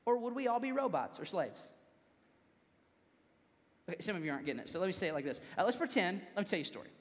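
Preaching to his congregation, a high-voiced young man talks fast and relaxed, with big swings in pitch, and breaks off occasionally to joke with the listeners. His voice echoes with long reverb through the church hall.

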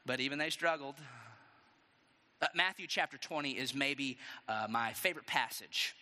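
Animated, bright-voiced male preacher in a big hall. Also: medium pitch, normal speed. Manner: dramatic, animated storytelling with rhetorical questions. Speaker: pastor. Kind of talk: sermon.

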